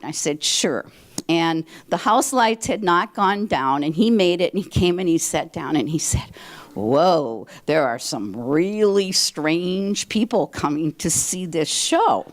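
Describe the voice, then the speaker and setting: An older woman from Minnesota, a theater director, chatting through a rambling curtain speech to a live audience from the stage. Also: fairly low pitch. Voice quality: chatty, rambling, with fillers and restarts. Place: stage in a country club hall.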